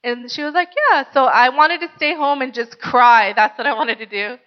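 High-voiced woman preacher giving testimony. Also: moderate pace, muffled recording. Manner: earnest, conversational, frequent "like". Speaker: pastor. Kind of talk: personal testimony sermon.

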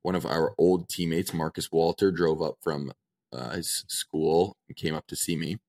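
A man's voice: very deep voice, moderate pace. A man in his twenties, co-hosting a podcast, casually telling a story and acting out the people in it. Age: 20s. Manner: animated storyteller acting out dialogue. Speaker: podcast co-host.

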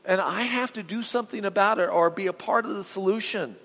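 A man's voice: high-pitched, a little fast, fairly bright tone. A male pastor preaching a sermon with emphatic, repeated phrases, calling on his congregation to answer him. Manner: emphatic, calls on the congregation to respond. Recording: long reverb of a large hall.

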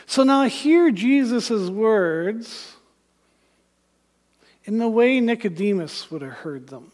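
High-voiced preacher in a reverberant hall. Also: male voice, takes it slowly, pauses often. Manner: animated retelling, voicing characters, rising to loud passages. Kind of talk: sermon. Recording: long church reverb.

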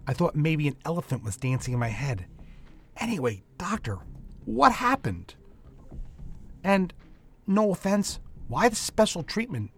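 A man voicing a wounded, joking male detective in a raised, lively voice. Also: unhurried, long pauses, slightly rough, heavily acted. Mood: puzzled. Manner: wisecracking, raised pitch.

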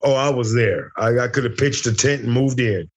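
A man's voice: mid-range voice, moderate pace, breathy edge. A middle-aged American man telling a wild story as an interview guest, boisterous and profane, acting out the dialogue. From United States. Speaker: interview guest, former fighter.

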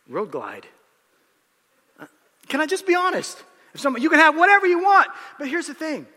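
A male pastor preaching a sermon, swinging from loud, emphatic outbursts to quiet, confiding asides. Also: high voice, big-room sound.

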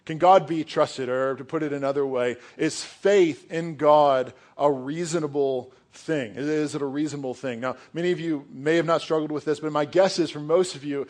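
A man's voice: on the high side, fairly even intonation, moderate pace, hardly any pauses, a little mellow. A young adult man preaching a sermon as pastor, earnest and conversational, with casual asides.

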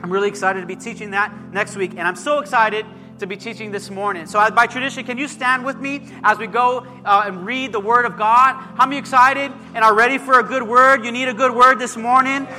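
A man preaching a sermon as pastor, emphatic and animated, calling out to his congregation. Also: very high voice, brisk, hardly any pauses. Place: church sanctuary. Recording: long hall reverb with faint music.

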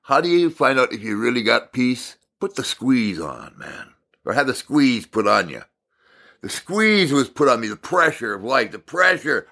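A middle-aged man shares a devotional story in a bright, forceful voice. He swings from exasperated, emphatic bursts to low, quiet reflection, repeating key words to drive them home. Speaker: Christian speaker. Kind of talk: personal devotional talk.

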